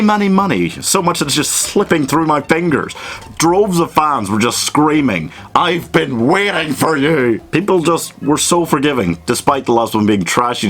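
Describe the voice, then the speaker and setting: A man's voice: medium pitch, fairly bright tone. A man giving a casual, comedic film review, sweary, self-mocking and enthusiastic.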